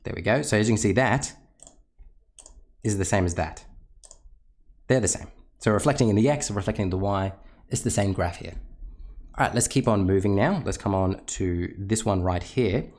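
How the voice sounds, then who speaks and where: A man's voice: on the low side, normal speed, pauses often, a little mellow. A man teaching a recorded maths lesson, explaining step by step with patient, self-deprecating asides as he works on a tablet.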